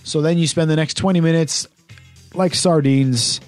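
A man casually telling a story on a podcast, animated and full of swearing. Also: fairly high pitch, normal speed, soft background music.

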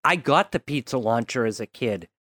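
A man's voice: mid-range voice, lively intonation, moderate pace, a bit bright, dry recording, clean studio sound. A man in a casual podcast chat, dropping wry jokes and asides. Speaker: podcast co-host.

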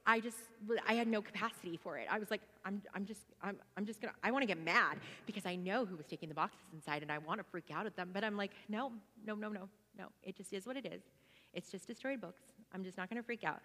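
A woman's voice: mid-range voice, brisk. Chatty woman in an echoing hall. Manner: chatty, animated storytelling with many fillers and laughs. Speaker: speaker at a church gathering. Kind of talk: casual personal testimony.

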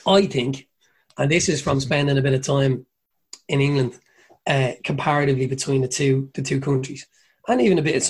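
A man's voice: medium pitch, slightly rough. A man with an Irish accent telling long, rambling stories in a casual chat, swearing freely and mimicking people.

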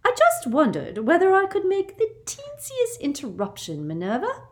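A woman's voice: extremely high pitch, wildly swooping pitch, moderate pace, pitched above the performer's own voice, heavily acted. A woman voicing a simpering, falsely sweet middle-aged witch official in an audiobook, with a honeyed, faux-polite voice. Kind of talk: audiobook character voice.

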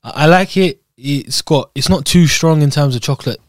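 A man's voice: a little high, moderate pace, dry recording. Scottish-raised man, dry close sound. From Scotland. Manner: rambling, jokey, loose. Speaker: podcast co-host. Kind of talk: casual chat.

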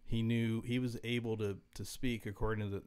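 A man with a low, flat, even voice co-hosts a casual talk podcast. He explains things haltingly and often restarts his sentences. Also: clean tone. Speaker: podcast co-host. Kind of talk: casual chat.

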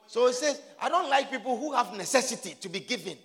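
A man preaching a sermon to his congregation, emphatic and often shouting, repeating his phrases for force. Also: very high-pitched, lively intonation, fast talker, big-room sound.

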